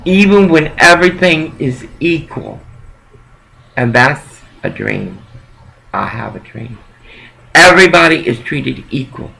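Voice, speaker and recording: Gravelly man ranting. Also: fairly high pitch, animated, unhurried, pauses often, sharp tone, rough recording. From Texas. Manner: profane, heated, rambling rant. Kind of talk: ranting monologue to camera.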